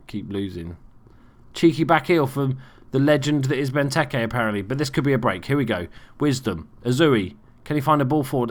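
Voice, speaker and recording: A young man giving casual, sweary commentary on his football management game as host. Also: medium pitch. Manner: swears freely, reacts loudly to plays. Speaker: let's play host.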